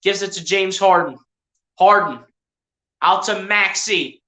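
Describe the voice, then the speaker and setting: Here's casual, loose basketball commentary from a bright-voiced streamer who addresses both the players and the chat. He speaks at a normal speed in a mid-pitched, slightly hedging way, correcting himself on names, and the space sounds roomy and echoey.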